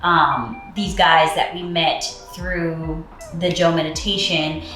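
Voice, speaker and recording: A woman telling a personal story in casual chat, relaxed and full of fillers. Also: low voice, slow, echoey room, faint music behind. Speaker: co-host.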